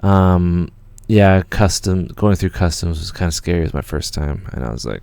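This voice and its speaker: Low, gravelly-voiced Canadian man chatting. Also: expressive, normal speed, hardly any pauses, mellow, no echo. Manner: rambling, laid-back storytelling with many fillers and swearing. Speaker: music producer hosting a live Q&A stream. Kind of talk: casual livestream chat. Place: home studio.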